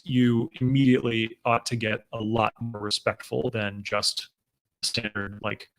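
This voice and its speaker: Male guest, casual chat, earnest and emphatic, mid pitch. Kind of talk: casual discussion.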